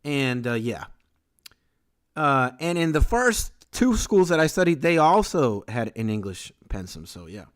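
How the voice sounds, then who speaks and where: A man's voice: mid-range voice, sing-song, unhurried. A man from Venezuela whose first language is Spanish, chatting casually on a livestream, reading out chat and answering with boastful jokes and swearing. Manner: boastful, joking, swears freely. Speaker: streamer and beat maker.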